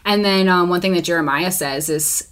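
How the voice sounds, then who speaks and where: A woman in casual conversation about a film, talking in a chatty, filler-heavy way and chiming in with quick agreement. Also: on the low side, fairly bright tone, clean tone.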